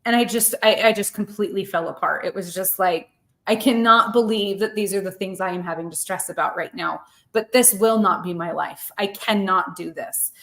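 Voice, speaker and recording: At normal speed, a woman's mid-range, creaky, fairly bright voice carries a personal story she shares as a podcast guest. She's in her thirties, earnest and heartfelt, near tears and repeating words often as she goes.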